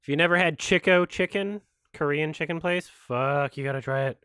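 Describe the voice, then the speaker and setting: A man's voice: on the high side, fairly even intonation, normal speed, hardly any pauses, smooth, no echo. Guy streaming a watch-along while sick, rambly and sweary, dry close sound. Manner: rambling, swearing, laughs loudly. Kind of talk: casual watch-along chat.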